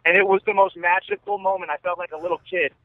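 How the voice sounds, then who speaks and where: Excitable forty-year-old man on a phone line. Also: high-pitched, quick pace, dry recording. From East Bay, California. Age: 40s. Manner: excitable, rambling storyteller. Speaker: guest. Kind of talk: casual podcast chat. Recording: tinny phone line, dry.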